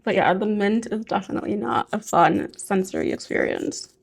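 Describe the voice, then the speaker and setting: A young woman vlogging casually as she goes through her hygiene routine, talking in a gentle, reassuring, rambling way with many fillers. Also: mid-range voice, moderate pace, vocal fry, slightly rough. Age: young adult. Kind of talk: casual talk to camera while doing hygiene.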